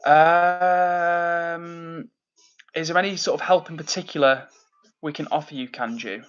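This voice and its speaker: A man from near Manchester, England, hosts a livestream at home, reading chat messages one at a time and giving shout-outs. His slightly high voice is smooth and measured, with a cheerful, easygoing manner and plenty of ums, while the audio sounds dull and a bit lo-fi.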